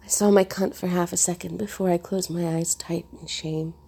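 A woman reads a first-person story in a hushed, intimate delivery. Her voice has a heavy gravelly fry and a husky, breathy edge. The tone is dark and mellow. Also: on the low side, steady tone, normal speed. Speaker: narrator.

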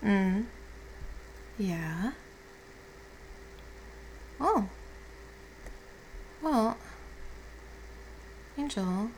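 A woman playing a caring girlfriend who has just woken up, speaking softly and reassuringly with casual swearing in an audio role-play. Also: medium pitch, expressive, drawn-out words, long pauses, slight background noise, rough recording. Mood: tender. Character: affectionate young woman, the listener's caring girlfriend.

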